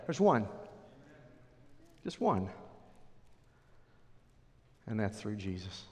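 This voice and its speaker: Male preacher, dramatic storyteller, lively raised pitch, long hall reverb. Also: drawn-out words, long pauses. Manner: dramatic, swinging from loud to hushed. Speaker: pastor. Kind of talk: sermon storytelling.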